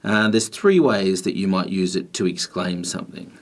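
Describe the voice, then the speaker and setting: A man teaching a grammar lesson, explaining in a patient, measured way with pauses. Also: sits low, vocal fry.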